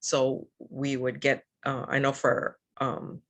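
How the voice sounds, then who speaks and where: A woman's voice: rumbling low, completely flat delivery, slow. Earnest older woman chatting about her passion. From Southern California. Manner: earnest, many fillers and restarts. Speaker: guest, EV advocate. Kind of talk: casual interview chat.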